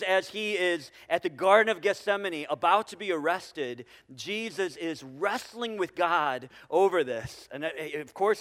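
A man's voice: high voice, fairly bright tone. A man preaching a sermon to a congregation, talking conversationally with restarts and frequent tag questions. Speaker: pastor. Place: church sanctuary with congregation. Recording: church hall reverb.

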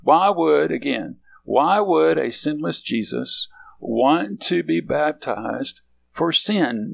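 A man's voice: a little high, creaky, poor audio. A man preaching a sermon, reading scripture and then explaining it emphatically, often checking in with his listeners. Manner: emphatic, repeats points, frequent "okay?".

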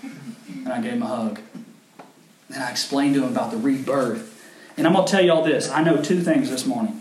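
A man's voice: medium pitch, a little fast, darkish tone. A male pastor preaching a sermon, telling a story and rising to fervent emphasis. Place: church sanctuary. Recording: echoey church hall with faint noise.

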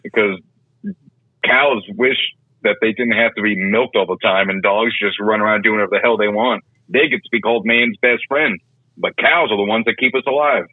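A man's voice: lowish voice, normal speed, dry recording. A man co-hosting a casual comedic chat, crude and laid-back, swearing freely. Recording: tinny phone-like line, dry.

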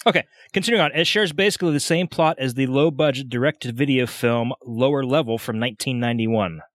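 A man's voice: mid-range voice, quick pace, dry recording. Laid-back American man reading notes. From United States. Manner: laid-back, reads notes aloud with fillers. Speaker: podcast co-host reading film facts. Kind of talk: casual chat.

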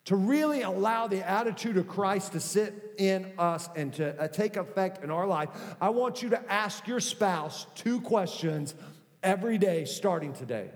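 Casting: middle-aged man, pastor, lively conversational sermon, higher-pitched voice, reverb of a big hall. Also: normal speed. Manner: conversational, animated preaching with acted-out quotes.

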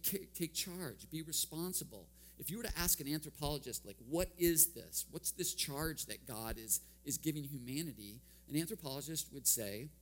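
A man preaching a sermon, telling personal stories with a self-deprecating, humorous touch and frequent chuckles. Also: on the high side. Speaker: guest preacher.

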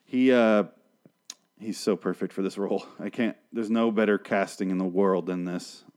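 A man's voice: fairly low pitch, fairly even intonation, normal speed, darkish tone. A man hosting a solo TV review show, recapping an episode in a rambling, profane, self-correcting way. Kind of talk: casual solo recap podcast.

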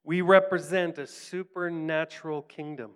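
A man telling a story in a sermon, earnest, sinking to hushed tones for quoted words and rising for emphasis. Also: a little high, fairly even intonation, normal speed, smooth. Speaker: preacher.

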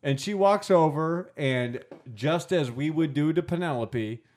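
Podcast host, young man, slightly high voice, drawls through casual stories with loud laughing outbursts. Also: unhurried. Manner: loud, laughing, breaks into yelling. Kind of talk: casual storytelling chat.

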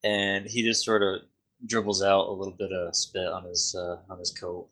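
A man's voice: deep voice, flat delivery, moderate pace, a bit bright. A man narrating as game master for a casual tabletop game, loose and often laughing.

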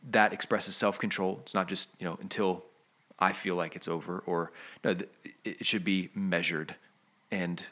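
A man's voice: low voice, fairly even intonation, moderate pace, sharp tone. A man co-hosting a podcast, explaining his points steadily and walking through one question after another. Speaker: podcast co-host. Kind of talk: conversational podcast discussion.

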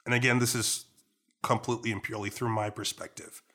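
A young man from Trinidad and Tobago, a guest in a casual interview, talking in a relaxed, jokey way with an accent that moves between American and Trinidadian. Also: mid-range voice, quick pace. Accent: American, switching to Trinidadian partway.

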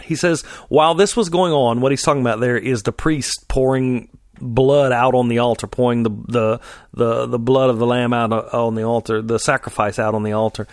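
A man's voice: mid-range voice, little pitch movement, normal speed, dry recording, clean studio sound. A man teaching through a Bible passage, talking in a loose conversational way with many fillers and restarts as he reads and explains. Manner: conversational, frequent fillers and restarts while reading scripture aloud. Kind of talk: sermon-style Bible teaching.

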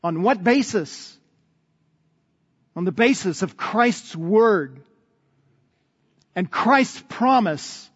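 High-voiced man preaching slowly in a reverberant hall. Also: muffled recording. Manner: earnest, emphatic preaching with deliberate repetition. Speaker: pastor. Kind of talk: sermon.

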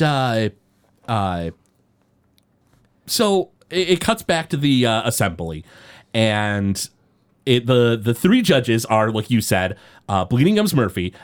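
A man recapping a cartoon episode in casual podcast chat, rambling and halting with many fillers. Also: medium pitch, smooth.

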